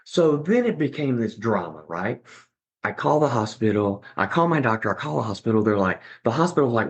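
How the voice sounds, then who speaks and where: A man's voice: medium pitch, brisk, slightly rough. A middle-aged man as a podcast guest, telling a personal story conversationally and acting out what others said. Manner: animated, acts out other people's lines.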